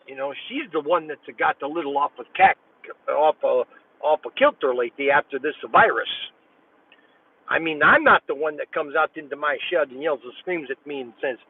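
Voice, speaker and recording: A man's voice: on the high side, breathy edge, distant mic. A man vlogging while driving, chatting casually and rambling in a folksy way from inside his car. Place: inside a car at a drive-thru. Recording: tinny, phone-like sound.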